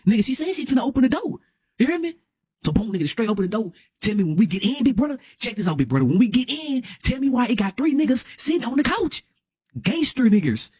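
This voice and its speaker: A young man telling a wild comedic story, dramatic and excitable, full of slang and constantly asking "you hear me?". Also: very high voice, fast, slightly rough, no echo, clean studio sound. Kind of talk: animated comedic story time.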